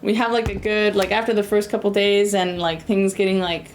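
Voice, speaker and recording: A woman's voice: medium pitch, little pitch movement, brisk, slight background noise. A young American woman chatting casually with viewers while she cooks, sassy and rambling with lots of fillers. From United States. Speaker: streamer cooking and chatting with viewers. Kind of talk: casual live-stream chat.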